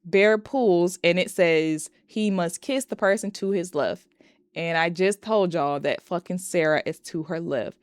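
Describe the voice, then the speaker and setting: A woman's voice: on the low side, measured pace, clean tone, no echo, studio quality. A young woman casually recapping and reviewing a movie, chatty and profane, retelling scenes dramatically.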